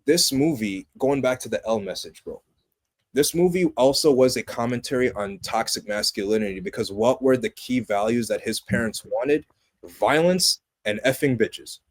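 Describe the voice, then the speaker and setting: A young adult man co-hosting a podcast, chatting casually about a movie in an animated, passionate way that swings from loud excitement to low, earnest tones. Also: normal speed. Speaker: podcast co-host. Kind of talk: casual movie review chat.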